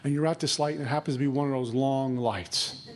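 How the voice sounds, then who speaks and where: A man's voice: mid-range voice, fairly even intonation, brisk. A man giving a conversational recovery talk, acting out inner dialogue. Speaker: recovery speaker.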